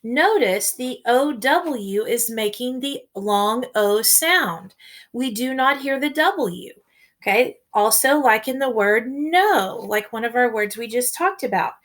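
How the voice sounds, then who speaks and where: A woman teacher with a Midwestern American accent and a fairly high voice walks first graders through a phonics lesson. She speaks slowly and clearly, encouraging young children and drawing out each sound. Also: expressive, a bit bright. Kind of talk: recorded remote phonics lesson.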